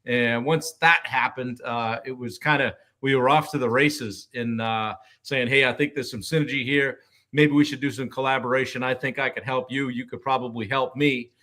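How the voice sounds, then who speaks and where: A man hosting a casual live stream, relaxed and chatty, with frequent fillers and restarts, talking with a guest over a video call. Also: mid-range voice, normal speed.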